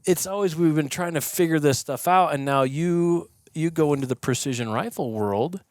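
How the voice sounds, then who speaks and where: Animated man explaining shooting technique. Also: fairly high pitch, moderate pace, no room sound. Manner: animated storyteller, acts out quoted yelling. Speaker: podcast guest, shooting instructor. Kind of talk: conversational explaining. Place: podcast studio.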